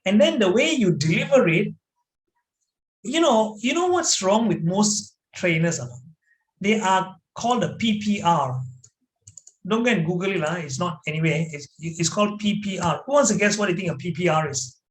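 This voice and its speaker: Animated Malaysian man, echoey room. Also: high-pitched, normal speed. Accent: Malaysian English. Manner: animated, emphatic, addresses audience with questions. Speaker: corporate trainer. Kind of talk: online training talk. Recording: roomy echo.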